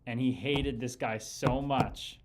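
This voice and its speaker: A man hosting a laid-back live chat with viewers, spinning rambling stories from his pro hockey days. His talk is full of swearing, fillers and restarts. His voice sits at an ordinary male pitch. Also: fairly even intonation, slow, slight background noise. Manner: rambling, profane storytelling with many fillers and restarts. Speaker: podcast host and former pro hockey player. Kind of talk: casual livestream chat with viewers.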